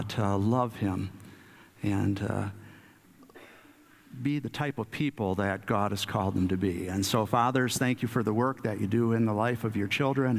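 Male preacher, unhurried and halting, mid-range voice, long hall reverb. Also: mid-range voice. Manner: unhurried, many fillers and restarts. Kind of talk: sermon.

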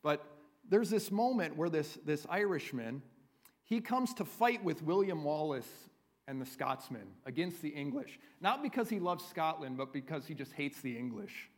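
A man preaching a sermon as a pastor, earnest and conversational, often checking in with the congregation. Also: on the high side. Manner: earnest, conversational preaching with frequent tag questions. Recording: long reverb of a large hall.

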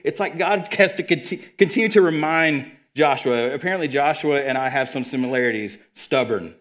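A man's voice: medium pitch, brisk, hardly any pauses, a bit bright. A man preaching a sermon in an earnest, conversational way, often repeating himself. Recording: dull lo-fi sound.

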